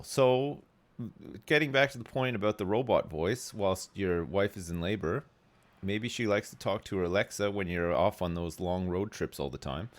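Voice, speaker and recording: A man streaming a game live, rambling and joking casually. His voice sits low and relaxed as he talks.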